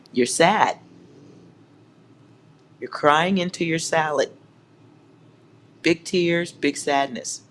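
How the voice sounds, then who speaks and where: Playfully sarcastic tarot reader, slow delivery. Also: medium pitch, a bit bright, a little hiss or hum. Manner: laughs often, playfully sarcastic, talks directly to viewers. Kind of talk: collective tarot reading, joking and sarcastic.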